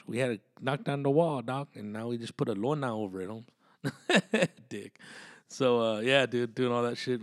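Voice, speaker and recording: A man's voice: medium pitch, no echo, clean studio sound. A man hosting a podcast, rambling casually and swearing a lot while laughing at his own jokes. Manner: profane, rambling, laughs often, slips into voices. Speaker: comedian podcast host.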